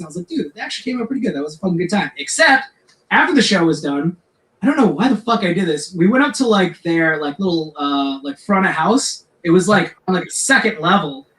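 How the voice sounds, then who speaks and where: A man's voice: high-pitched, fairly bright tone. A man, a metal singer and podcast guest, telling a rambling, profane story in casual chat. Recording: echoey room.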